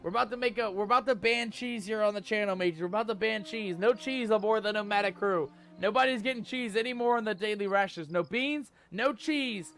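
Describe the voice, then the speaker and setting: A man streaming a game live, joking in mock pirate talk, reading the game's text aloud and shouting out in surprise. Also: sits high, brisk, hardly any pauses. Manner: laughs often, exclaims loudly.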